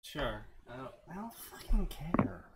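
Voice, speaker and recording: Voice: mid-range voice, big pitch swings, measured pace, over a noisy crowd. A co-host reading fanfiction aloud and ranting about it bluntly, with plenty of swearing, a little tipsy. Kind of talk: comedic reading and commentary.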